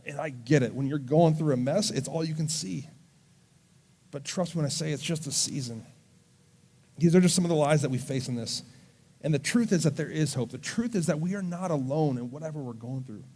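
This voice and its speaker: A male youth pastor with a mellow, warm voice preaching to students in a church service. His delivery is earnest and gentle, and he slows down when he reads scripture. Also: mid-range voice. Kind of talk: sermon to a student audience.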